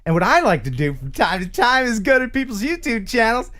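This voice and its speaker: A man's voice: very high voice, sing-song, fairly quick, bright, forceful tone. A man from the USA hosting a casual live stream chat, joking, laughing often and slipping into playful impressions.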